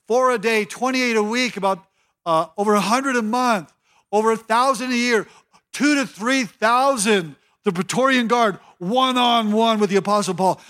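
A man's voice: very high voice, fairly bright tone. A male pastor preaching a sermon in a conversational, emphatic way, often repeating his phrases.

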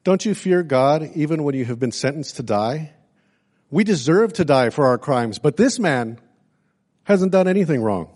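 A man's voice: fairly high pitch, lively intonation, normal speed, darkish tone. A man reading the lines of a repentant male criminal in a church scripture reading. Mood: pleading.

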